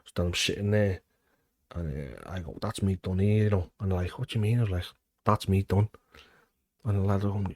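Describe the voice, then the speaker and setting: This former footballer, a man in his thirties with a Liverpool accent, has a low voice and talks a little fast, with no echo. In a relaxed interview he tells stories in an animated way, cursing freely and acting out quotes loudly.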